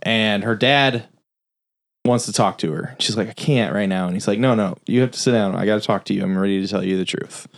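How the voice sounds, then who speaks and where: This podcast host speaks at a fairly low pitch with vocal fry, running through a movie's plot in casual film review chat. His recap is loose and profane, full of swearing and quick acted-out quotes from the characters.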